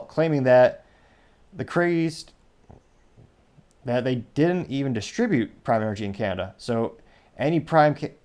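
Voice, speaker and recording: A man's voice: medium pitch, dark tone. Sarcastic American man hosting commentary. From United States. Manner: sarcastic, joking asides. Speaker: host. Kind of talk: casual commentary monologue.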